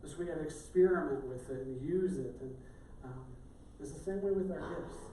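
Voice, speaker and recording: A man's voice: fairly high pitch, moderate pace, warm tone, a little hiss or hum. Man preaching in an echoey church. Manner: conversational, joking asides. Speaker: pastor. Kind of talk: sermon. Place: church sanctuary. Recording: echoey church room, distant mic.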